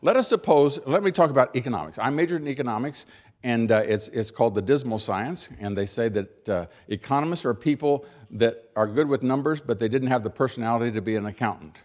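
American guy doing a keynote, medium pitch, dry jokes, repeats lines for punch. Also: a little mellow. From United States. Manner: emphatic, dry humor, pauses for effect; rhetorical questions and repeated build-ups. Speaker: keynote speaker. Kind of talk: keynote speech.

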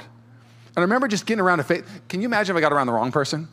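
A young man who pastors a church, preaching a sermon in his sanctuary with animated storytelling and frequent filler words. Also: sits high, rapid-fire. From California, USA.

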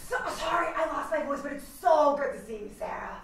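Woman doing a high hoarse lady with no voice, cranky and swearing, lively pitch, echoey stage far from the mic. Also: brisk. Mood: apologetic. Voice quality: hoarse, strained voice. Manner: snappish, escalating into profane rage. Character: adult woman who lost her voice, exasperated. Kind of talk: live sketch comedy. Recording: roomy live stage, mic far off, audience noise.

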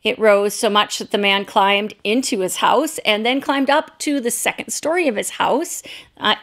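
Gravelly-voiced woman pastor telling a story. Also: a little high, fairly bright tone. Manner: storytelling, unscripted with fillers and restarts. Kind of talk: sermon.

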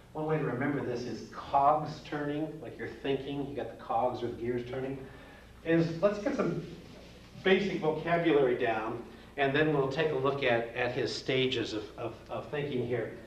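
Folksy man lecturing in a roomy, lo-fi recording. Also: mid-range voice. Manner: folksy, jokey explaining with playful asides. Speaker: psychology teacher. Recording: roomy, distant, dull lo-fi with faint hiss.

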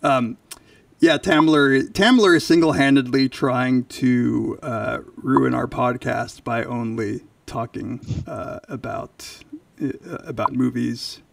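Man, co-host, gravelly voice, halting speech, dry room, set back from the mic. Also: medium pitch, no echo, far from the mic. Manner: halting, many fillers and restarts. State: losing his voice. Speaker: podcast co-host. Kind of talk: casual chat. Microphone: video call.

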